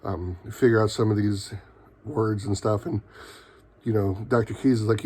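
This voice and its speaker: A man's voice: on the low side, steady tone, normal speed, darkish tone, a little hiss or hum. Rambling man recapping a show. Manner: rambling, full of fillers and mock quotes. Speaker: TV show reviewer. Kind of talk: casual episode recap.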